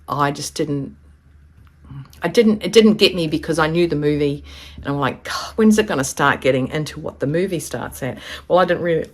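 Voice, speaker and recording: Low-voiced chatty New woman. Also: fairly bright tone. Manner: chatty, rambling, acts out quoted voices. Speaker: vlogger. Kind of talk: casual chat to camera.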